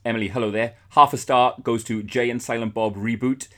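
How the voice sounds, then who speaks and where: A man's voice: medium pitch, fairly even intonation, brisk, pushed and bright. A man co-hosting a podcast, giving blunt, swear-filled, scathing movie verdicts in casual chat. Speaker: podcast co-host.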